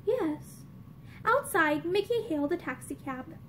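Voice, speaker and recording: A young woman reading an old novel aloud in an expressive storybook manner. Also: extremely high pitch, normal speed, slight background noise. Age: young adult. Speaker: reader.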